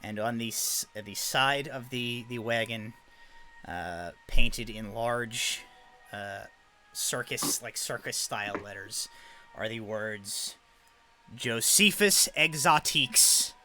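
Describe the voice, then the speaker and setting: A man's voice: fairly low pitch, slow pace, sharp tone, soft background music. A man narrating a tabletop game as game master in a rambling way, with plenty of "like" and "uh". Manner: rambling, fills his speech with "like" and "uh".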